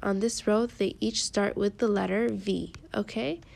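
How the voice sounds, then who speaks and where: A woman teaching a kindergarten phonics lesson, sounding out letters slowly and praising the children often. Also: medium pitch, fairly even intonation, gravelly, darkish tone.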